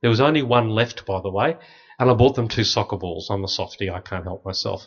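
A middle-aged man, a priest, telling lively stories with dry humor to an audience. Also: fairly low pitch, a little fast. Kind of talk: storytelling talk to an audience. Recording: slightly dull lo-fi recording.

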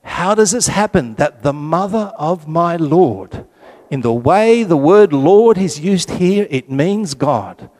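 A man leading a Catholic Bible study group, reading passages slowly and adding joking asides. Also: on the high side. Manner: lively, joking asides, reads scripture slowly.

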